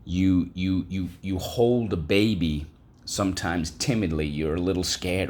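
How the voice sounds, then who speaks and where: A man with a low voice leads a classroom vocabulary lesson. He is patient and repetitive, spelling out sounds and prompting students to echo each word. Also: unhurried, darkish tone. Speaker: teacher.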